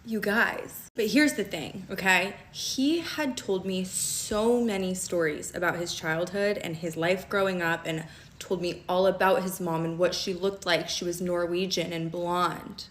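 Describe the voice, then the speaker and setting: A woman's voice: on the low side, fairly even intonation, measured pace. A woman telling a dramatic personal story to camera, indignant and frank, swearing and often checking in with the listener. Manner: dramatic, keeps checking in with "okay?" and "all right?". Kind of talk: casual storytime monologue to camera. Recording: roomy echo.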